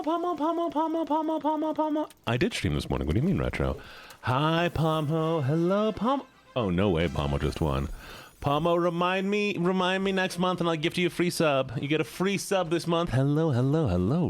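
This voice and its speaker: A man live-streaming a game, chatting casually with his viewers and swearing when startled. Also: on the high side. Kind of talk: casual live-stream chat while gaming.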